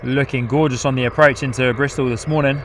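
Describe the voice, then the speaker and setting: A man hosts a live plane-spotting stream from outdoors at an airport. His voice sits at an ordinary middle pitch. He chats loosely and reads out viewer comments, laughing often between remarks. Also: steady tone, fast, a little hiss or hum.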